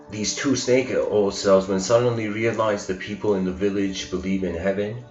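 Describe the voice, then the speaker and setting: A man's voice: on the low side, steady tone, moderate pace. A man giving a lecture as a loose, chatty story, often laughing and using fillers. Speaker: spiritual lecturer. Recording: dull roomy recording with music behind.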